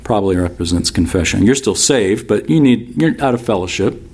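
A man's voice: on the low side, expressive, fairly quick, a little mellow, breathy edge. A man preaching a sermon, reading scripture aloud and explaining it in a conversational, expository way. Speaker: pastor.

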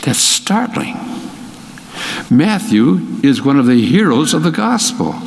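Animated Bible teacher with a Minnesota accent. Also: male voice, slow pace, creaky, big-room sound. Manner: animated, emphatic, with sudden pitch leaps. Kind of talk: Bible study lecture.

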